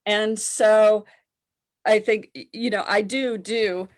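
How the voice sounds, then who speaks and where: A woman guest and teacher speaking in a lively, playful way. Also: mid-range voice, slow. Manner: animated, playful. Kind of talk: casual interview.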